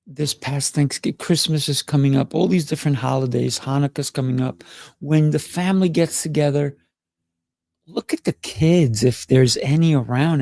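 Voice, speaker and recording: A middle-aged man hosting a motivational livestream, playful and excitable, often laughing as he talks. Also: on the high side, creaky, no echo, clean studio sound. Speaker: livestream host.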